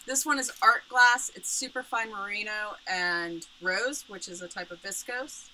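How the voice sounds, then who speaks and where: Woman showing off her yarn stuff, lots of ums, super bright voice, bit of ambient noise. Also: mid-range voice, a little slow, rough recording. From Pittsburgh area. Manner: explanatory, with frequent ums. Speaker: yarn business owner presenting products. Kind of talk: product presentation. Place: home studio, indoors.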